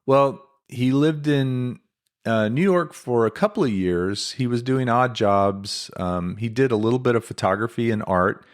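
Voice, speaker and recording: With an animated mid-range voice at a normal pace, a man hosting a podcast recounts his life story. His chatty, conversational delivery is full of fillers and tangents.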